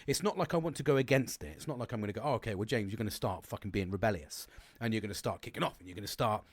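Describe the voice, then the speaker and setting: A man's voice: lowish voice, very fast, dry recording. A young man, talking in a rambling, sweary, casual monologue full of restarts. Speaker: podcast host.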